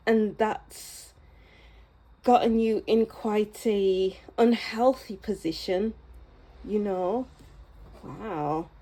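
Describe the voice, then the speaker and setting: Woman tarot reader with a soft, mellow voice who takes her time. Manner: soft, musing and unhurried, drifting into a low near-whisper. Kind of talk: pick-a-card tarot reading.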